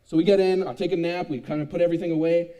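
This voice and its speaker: High-voiced young man telling a story. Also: rapid-fire. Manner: animated, self-mocking storytelling with frequent laughs. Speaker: youth speaker. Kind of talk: storytelling sermon.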